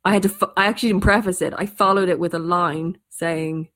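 An Irish woman who tells stories, chatting casually in quick, animated bursts with frequent restarts. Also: on the low side. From Ireland. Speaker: storyteller. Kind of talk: casual conversation.

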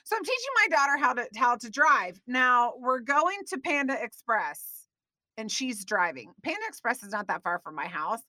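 A middle-aged woman from Texas hosting her own show, telling a comic story in an animated way and ending with a short devotional. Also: fairly high pitch, moderate pace, no room sound. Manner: animated, breaks into comic screams. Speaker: host. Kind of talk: casual storytelling with a devotional close.

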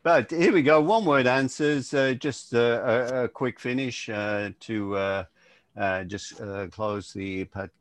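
A man co-hosting a podcast, recorded dry and close. He talks hesitantly, with halting starts and frequent fillers, before firing off quick questions. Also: medium pitch, dry recording. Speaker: podcast co-host. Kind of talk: casual podcast chat.

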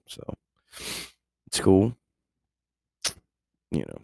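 A man's voice: low-pitched, animated, a little slow, gravelly, no echo, studio quality. A man talking casually and profanely in a rambling monologue, laid-back and chuckling often.

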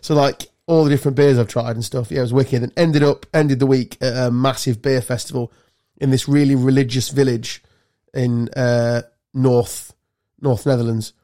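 A man from England co-hosting a podcast, telling animated, sweary travel stories in casual chat. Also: medium pitch, moderate pace. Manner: swearing storyteller, animated anecdotes. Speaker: podcast co-host.

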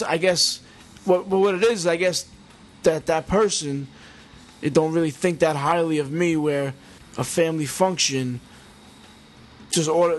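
A podcast host with a slightly high voice rants in a casual, profane monologue, swearing freely. He rambles and grows heated, restarting often, speaking into a mic with a homemade pop filter.

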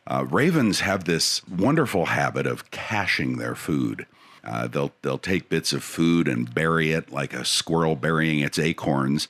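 A man hosting a wildlife segment on the radio, explaining animal facts in an animated, chuckling way. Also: a bass voice, a little slow.

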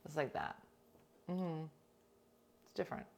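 A woman chatting casually with live viewers, playful and talkative, often dropping into soft asides. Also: deep voice, big pitch swings, measured pace, creaky. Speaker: livestream host.

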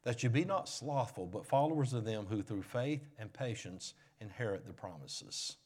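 Preaching man, loud then hushed. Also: fairly low pitch, animated, moderate pace. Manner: preaching with swings from loud raised emphasis to hushed near-whispers. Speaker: pastor. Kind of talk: sermon.

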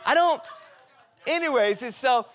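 A man's voice: extremely high pitch, animated, a little slow, a bit bright. A man preaching a sermon in a loose, conversational way, acting out text messages and his own reactions as he tells a story. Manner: loose, conversational delivery with many filler "like"s. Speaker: pastor.

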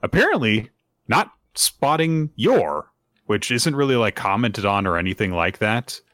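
Low-pitched man, bright dry voice. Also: big pitch swings, no room sound. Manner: acts out character lines in quick put-on voices. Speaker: podcast co-host recapping manga. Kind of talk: casual chat.

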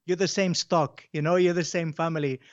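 Male comedian guest, chatty and jokey, higher-pitched, dull lo-fi remote audio. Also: fairly even intonation, brisk, dry recording. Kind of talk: casual podcast chat.

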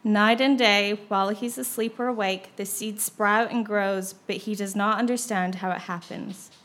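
A woman reading scripture aloud at a steady, measured pace. Her delivery is even and deliberate, the sound of a prepared reading. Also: medium pitch.

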